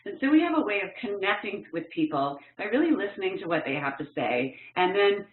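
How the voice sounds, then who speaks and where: A woman trainer telling a personal story in a workshop talk, earnest and expressive with lively emphasis. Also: mid-range voice, fairly quick, a little hiss or hum. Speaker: professional development trainer. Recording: echoey, tinny phone-like line.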